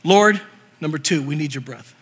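A man preaching a lively, comic sermon to a church congregation, telling stories with acted-out quotes. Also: a little high, moderate pace, breathy edge. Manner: animated storytelling with acted quotes and laughter.

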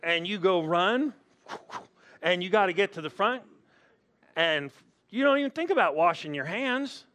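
A man with a voice pitched a little above the usual delivers a sermon as a pastor. His preaching is playful and anecdotal, and he slips into the voices of the people in his stories. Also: lively intonation, measured pace, sharp tone. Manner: humorous storytelling that acts out the people in its stories.

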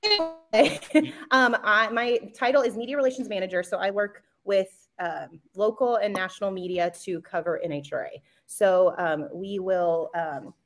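A woman guest on a podcast, talking in a bubbly, animated way and laughing often as she chats over a video call. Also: mid-range voice, moderate pace. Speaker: guest, media relations manager. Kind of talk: casual podcast chat.

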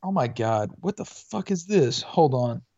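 A man's voice: mid-range voice, expressive, measured pace, mellow. A man chatting casually as a podcast co-host, telling a rambling story full of fillers and restarts. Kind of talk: casual chat. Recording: dull lo-fi audio.

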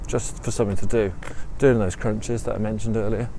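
A man's voice: lowish voice, level tone, a little fast, dark tone, slight background noise. A man hosting a podcast, making up a story as he walks along a city canal, rambling with many ums and self-corrections. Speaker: podcast host. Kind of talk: improvised storytelling while walking.

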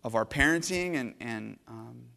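A middle-aged man preaching a sermon as a pastor, earnest and emotional, swinging from hushed to intense. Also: medium pitch, expressive, moderate pace, vocal fry, long reverb tail. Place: church sanctuary.

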